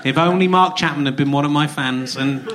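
A man's voice: fairly high pitch, a little fast, a bit bright. A middle-aged man hosting a live comedy podcast, throwing mocking questions and teasing interjections at his guest. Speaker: podcast host. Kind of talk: comic podcast hosting before a live audience. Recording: live room with crowd and noise.

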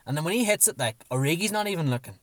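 Excitable man telling stories. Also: a little high, very fast, no room sound. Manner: excitable storyteller who acts out his own shouts. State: hoarse from shouting. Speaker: podcast co-host. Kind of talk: casual football chat.

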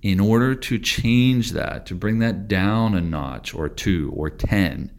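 Male Tai Chi instructor, very low voice, calm and deliberate delivery. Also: creaky. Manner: calm, deliberate, stretches words for emphasis. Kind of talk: spoken teaching monologue.

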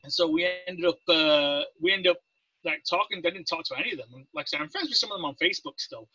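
A man's voice: high voice, fast talker, husky, no echo. A man from Leeds with an English accent, telling stories as an interview guest and acting out the people he quotes. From Leeds, England. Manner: animated, acts out quoted voices. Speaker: guest, Navy veteran. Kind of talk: casual interview storytelling. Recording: dry, dull lo-fi sound.

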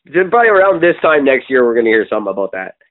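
A Canadian man in casual podcast chat, blunt and full of swearing, often pausing on ums as he rambles. His voice sits in a middle range and comes through thin and tinny, like a phone line. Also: medium pitch, big pitch swings. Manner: opinionated, profane, rambling with many ums. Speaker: podcast co-host.

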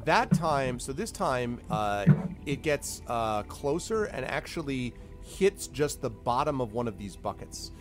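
A man's voice: medium pitch, big pitch swings, measured pace, music in the background. Chatty man running a tabletop game. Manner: loose, chatty, full of ums and sound effects. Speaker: game master.

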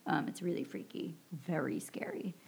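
A woman's voice: on the low side, normal speed, vocal fry, a little mellow, slightly rough, in a whisper. A woman podcast host casually retelling a movie plot, rambling with lots of fillers. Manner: rambling recap full of fillers and "like". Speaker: podcast host recapping a film. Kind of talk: casual chat.

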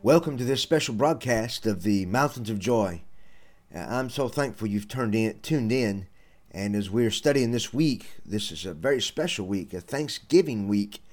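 A man's voice: on the low side, expressive, moderate pace, soft background music. Earnest preacher man. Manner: earnest, folksy, addresses listeners as friends. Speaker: radio preacher and podcast host. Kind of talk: radio sermon.

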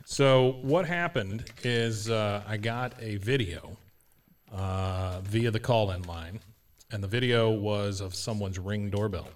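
A man hosting a podcast in casual chat, with dry, deadpan jokes. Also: fairly low pitch, takes it slowly, distant mic. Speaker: podcast host.

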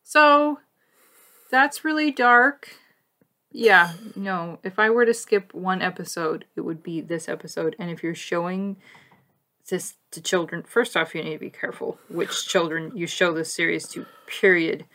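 A woman's voice: on the low side, a little slow. A woman co-hosting a podcast, chatting casually and animatedly about a cartoon with frequent laughs. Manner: animated, laughs often, conversational. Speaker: podcast co-host.

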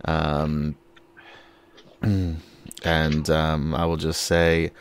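Man, deep low voice, slow, gravelly, hesitant tabletop player. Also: completely flat delivery, a little hiss or hum. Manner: slow, hesitant, many ums. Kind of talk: tabletop role-play.

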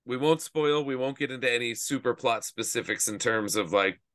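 A man's voice: medium pitch, moderate pace. A man co-hosting a movie podcast, chatting casually and animatedly, joking with his co-host. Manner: animated, does a ringside announcer voice. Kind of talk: casual chat.

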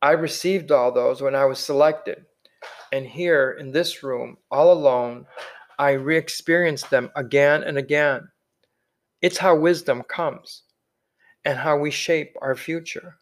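Man reading as tired old mentor, slow sighing delivery, slightly raised tone, audiobook character. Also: on the high side. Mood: heavy. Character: weary old male keeper of memories.

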